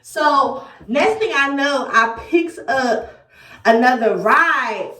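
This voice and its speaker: A woman from Philadelphia telling a storytime vlog in an animated, profane way, acting out quoted dialogue. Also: sits high, slow pace, recorded from a distance. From Philadelphia, USA. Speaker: vlogger. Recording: echoey room, voice a bit off-mic.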